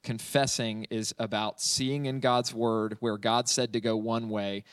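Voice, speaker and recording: A man's voice: medium pitch, little pitch movement, unhurried, no room sound, far from the mic. A man preaching through a psalm verse by verse in a conversational way, often checking in with "right?" between points. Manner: conversational, asks "right?" often, many fillers. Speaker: pastor. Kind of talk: teaching sermon on a psalm.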